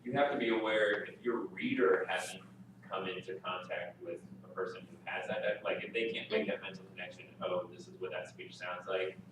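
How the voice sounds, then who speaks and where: Deep flat man heard from far across an echoey room. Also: brisk, background noise. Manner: thoughtful, hedging remarks. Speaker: workshop participant. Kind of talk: casual comment from the audience. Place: library meeting room.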